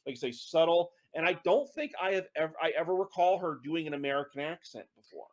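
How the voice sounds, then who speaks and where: A man's voice: fairly high pitch, lively intonation, fast talker. Rambling man reviewing a movie. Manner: rambling, hesitant with many restarts. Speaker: podcast co-host. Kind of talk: casual movie review chat.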